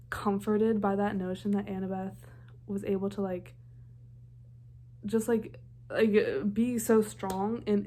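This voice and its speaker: A young woman talks through a TV episode in a casual, gushing reaction vlog. Her voice is warm and soft-edged, and her sentences tumble out full of "like" and restarts. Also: medium pitch. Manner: gushing, heavy on filler "like". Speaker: TV reaction vlogger.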